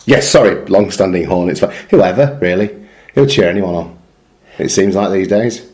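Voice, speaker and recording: A man co-hosting a casual sports podcast, reading out match results and trading quick, teasing banter. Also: low voice, a little mellow. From England. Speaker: podcast co-host.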